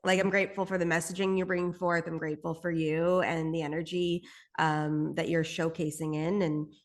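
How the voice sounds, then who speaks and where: A woman's voice: low voice, little pitch movement, moderate pace. A woman from Canada, a spiritual guide appearing as a podcast guest, who speaks earnestly and emphatically, repeats her points and swears casually.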